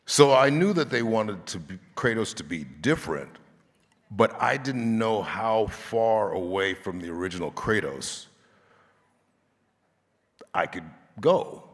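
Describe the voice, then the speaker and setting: A man being interviewed on a convention stage, telling stories from his acting work with a relaxed, laughing manner. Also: on the low side, measured pace. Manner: relaxed storyteller, laughing often. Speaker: actor guest on a panel. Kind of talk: anecdotal storytelling. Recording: reverb of a large hall.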